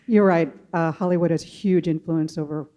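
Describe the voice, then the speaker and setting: A woman from Chicago speaks on a panel with a low, mellow voice. She tells her story in a measured, steady way. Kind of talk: casual panel discussion.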